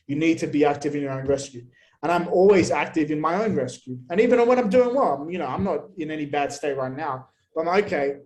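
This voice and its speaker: Man, podcast guest, slightly high voice, blunt and profane. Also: low-quality recording. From Australia. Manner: blunt, heavy swearing, animated rants. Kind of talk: casual conversational interview.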